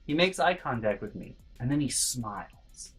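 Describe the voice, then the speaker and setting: A man vlogging a personal story in an animated way, swinging between hushed and loud and swearing freely. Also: medium pitch, moderate pace, husky, poor audio. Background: faint background music.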